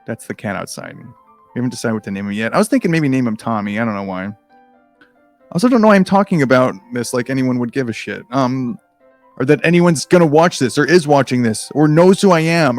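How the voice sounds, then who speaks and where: A man's voice: medium pitch, expressive, brisk, dry recording, soft background music. A man reading a choose-your-own-adventure book aloud in a casual, comedic way, with rambling, self-deprecating asides and frequent swearing.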